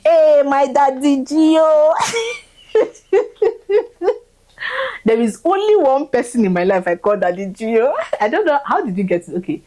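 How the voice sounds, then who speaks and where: Fervent woman, mellow voice. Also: medium pitch, low-quality recording. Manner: fervent, repetitive, voice rising with feeling. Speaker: vlogger giving a testimony. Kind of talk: emotional spoken thank-you testimony.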